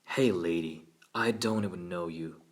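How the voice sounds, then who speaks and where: A man's voice: deep voice, expressive, measured pace, fairly bright tone. A man voicing a sullen, arrogant sixteen-year-old boy who answers curtly and with hostility. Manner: curt and hostile.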